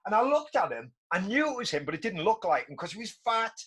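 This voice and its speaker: Husky man chatting. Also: sits high, big pitch swings, fast talker, a bit bright. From North East England. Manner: chatty storyteller, repeats and restarts often. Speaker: podcast host. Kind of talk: casual conversational interview.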